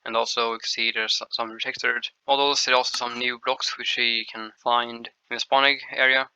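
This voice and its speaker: A man giving casual gameplay commentary as a showcase host, explaining in a halting, rambling way with frequent restarts. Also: mid-range voice, level tone, bright, forceful tone, smooth, no echo, muffled recording.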